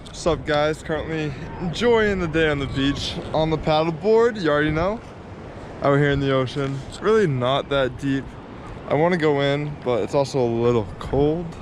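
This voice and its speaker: A man's voice: a little high, normal speed. A young man chatting casually to his camera as a vlogger, outdoors at the beach. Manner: laid-back, repeats catchphrases. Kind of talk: casual vlog chat. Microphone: handheld camera. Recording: loud wind and surf noise.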